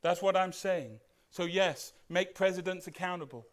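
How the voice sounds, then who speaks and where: A man preaching a sermon as pastor, animated and putting questions to the congregation. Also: high-pitched, normal speed.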